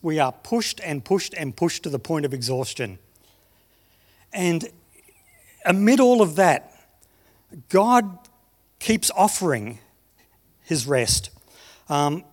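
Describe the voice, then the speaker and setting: A man preaching a sermon, telling stories and slowing down on key phrases. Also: a little high, sing-song. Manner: storytelling, slows down for emphasis. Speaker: pastor.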